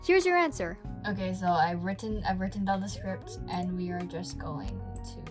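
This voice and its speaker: A woman's voice: fairly low pitch, big pitch swings, normal speed, music in the background. A woman narrating her animation vlog in a chatty, self-deprecating way. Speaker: animation YouTuber.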